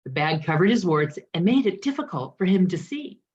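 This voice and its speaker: A woman minister telling a parable in a sermon, expressive and lively in the way she voices its characters. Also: fairly low pitch, brisk, breathy edge, muffled recording. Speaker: guest minister. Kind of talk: sermon storytelling.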